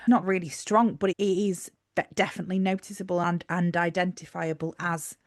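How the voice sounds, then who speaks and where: A woman's voice: lowish voice, steady tone, brisk, no echo, clean studio sound. A woman in her forties, a podcast co-host, chatting casually with restarts and trailing clauses. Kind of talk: casual chat.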